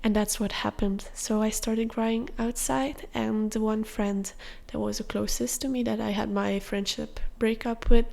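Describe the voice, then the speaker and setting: A young woman hosting a podcast, telling a personal story in a candid, confessional way with soft fillers. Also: a little high, fairly even intonation, measured pace, vocal fry, hardly any pauses. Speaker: podcast host.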